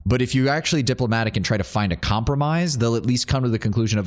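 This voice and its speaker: A man's voice: fairly low pitch, a little fast. A man streaming a role-playing game, chatting casually and reading game dialogue aloud.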